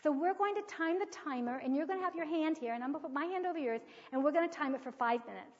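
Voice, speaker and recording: A high-voiced woman gives plain-spoken parenting advice through demonstrative anecdotes. The recording sounds dull and lo-fi. A long hall reverb follows her words. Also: quick pace, darkish tone. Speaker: child-rearing coach. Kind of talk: anecdotal teaching talk.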